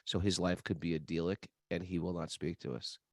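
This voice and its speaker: A man's voice: deep voice, fairly even intonation, a little fast, no room sound. A man hosting a spiritual podcast in a casual, chatty way, often restarting his sentences. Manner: chatty, many restarts, playful. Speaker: podcast host.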